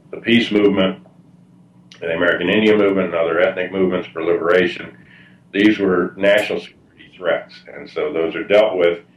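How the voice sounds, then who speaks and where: A man speaking as a guest at a public talk, answering at length in a halting way with many fillers and restarts. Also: low voice. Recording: distant muffled roomy mic.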